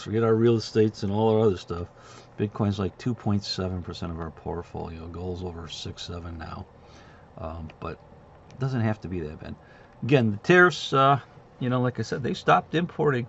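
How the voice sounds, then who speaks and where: A man's voice: on the low side, creaky, slight background noise. A middle-aged man giving casual market commentary as a host, blunt, sarcastic and rambling. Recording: dull lo-fi recording.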